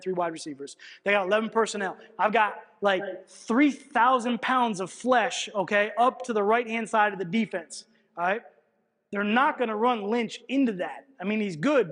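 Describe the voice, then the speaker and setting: A man presenting at a coaching clinic, breaking down game film as an animated storyteller who keeps checking in with "all right". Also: high-pitched. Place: lecture hall at a coaching clinic. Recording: long reverb in a large hall.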